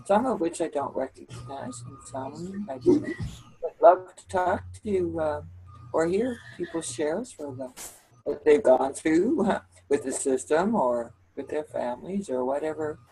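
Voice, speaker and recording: Lively woman with a gravelly voice. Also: low voice, unhurried, rough recording. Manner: lively and welcoming, inviting others to share. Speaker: host. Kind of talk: casual chat on an online call.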